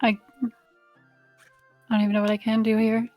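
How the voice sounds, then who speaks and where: Tentative, higher-voiced woman player. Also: monotone, moderate pace, highs cut off, soft background music. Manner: tentative and unsure. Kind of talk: tabletop game play.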